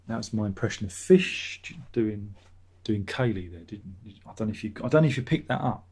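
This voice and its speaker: A man's voice: fairly low pitch, expressive, a little fast, darkish tone, slightly rough. A man hosting his own vlog, chatting in a meandering way and swearing casually. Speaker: vlogger, channel host. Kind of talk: rambling casual chat.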